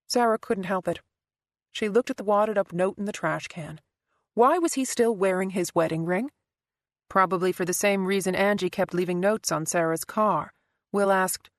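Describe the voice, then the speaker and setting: Narrating a thriller audiobook from a script, a woman keeps her storytelling steady and even. She has a medium-pitched voice at normal speed, and the clean studio sound carries no room noise.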